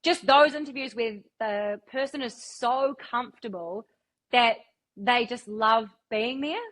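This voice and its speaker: A woman's voice: on the high side, unhurried, fairly bright tone. A woman, a radio broadcaster telling stories as a guest in a casual interview, swearing freely. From New Zealand. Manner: chatty storyteller, swears freely.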